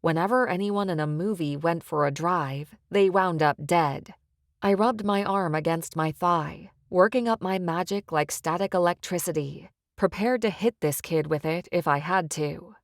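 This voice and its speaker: A woman narrating an audiobook in a measured first-person storytelling manner. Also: on the low side, dry recording, studio quality. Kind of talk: scripted narration.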